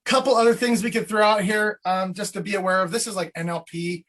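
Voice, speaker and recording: A man's voice: sits high, steady tone, fast, a bit bright. A man coaching real estate agents on sales scripts in a casual teaching chat, acting out client lines as he goes.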